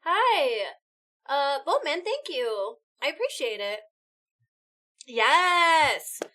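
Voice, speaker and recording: A woman live-streaming and chatting casually with her viewers, bubbly and excitable, quickly thanking people as they chip in. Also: high voice, slight background noise.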